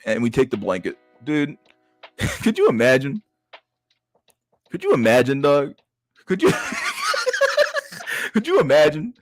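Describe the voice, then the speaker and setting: Male streamer reacting to memes, crude rambling commentary, lively up-and-down voice, slightly high, faint music underneath. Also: dry recording. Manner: profane, rambling, stammering restarts. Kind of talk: casual livestream commentary.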